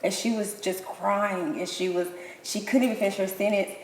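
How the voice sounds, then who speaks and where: A woman, a guest on a talk show, telling her own story in an animated way, repeating herself and laughing between words. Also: mid-range voice, normal speed. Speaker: guest, cancer survivor. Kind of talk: emotional personal storytelling. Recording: echoey room with long reverb, faint noise.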